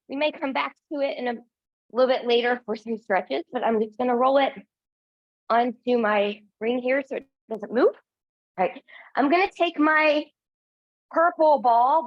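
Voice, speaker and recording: High-voiced woman leading a Pilates class. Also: dry recording, lo-fi sound. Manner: counting reps, encouraging cues. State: slightly out of breath. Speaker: Pilates instructor. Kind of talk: guiding an exercise class.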